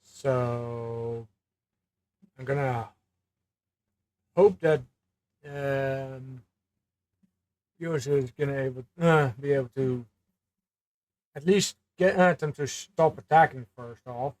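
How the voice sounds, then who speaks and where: A man's voice: mid-range voice, slow pace, pauses often, a little mellow. A man playing a tabletop game in casual chat, hesitant and full of fillers. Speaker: player.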